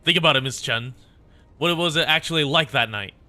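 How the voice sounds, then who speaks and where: Man reads earnest young girl leader; raised pitch, timid, stammers. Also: brisk, bright, forceful tone. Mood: pleading.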